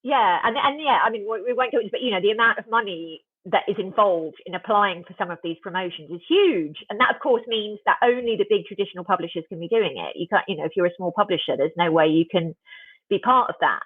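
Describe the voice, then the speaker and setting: A woman's voice: medium pitch, fast talker, breathy edge, no echo. Woman guest, reflective, lots of restarts, dry phone-line sound. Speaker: guest author. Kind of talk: conversational interview.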